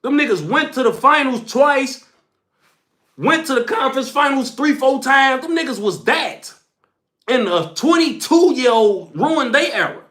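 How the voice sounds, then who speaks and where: A man's voice: very high-pitched, lively intonation, a little slow, a bit bright. A young man hosting a livestream, speaking as he scolds his chat in a heated, repetitive, slangy rant. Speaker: livestream host.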